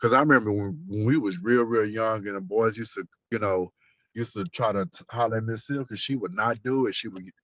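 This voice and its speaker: Man on a phone call, low voice, dry close sound, profane animated gossip. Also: a little fast, dry recording. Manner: animated storyteller, profane, lively slangy talk. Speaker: best friend on a phone call.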